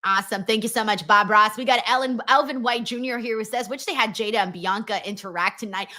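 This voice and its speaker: A woman's voice: fairly high pitch, fast, bright, forceful tone. A woman hosting a casual wrestling watchalong stream, teasing her co-host, laughing often and reading viewer comments aloud.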